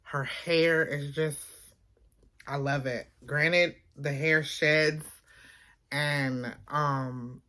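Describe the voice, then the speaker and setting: This Baltimore vlogger talks into her phone camera indoors at home, loose and rambling, her speech full of fillers and marked by the local accent of Baltimore, Maryland. She has a deep, slightly bright voice, a steady tone, and drawn-out words.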